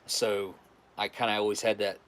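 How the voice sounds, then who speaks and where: A man's voice: lowish voice, level tone, moderate pace, fairly bright tone. A man from West Virginia with a West Virginian accent, chatting casually and rambling with restarts on a live stream. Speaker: livestream host.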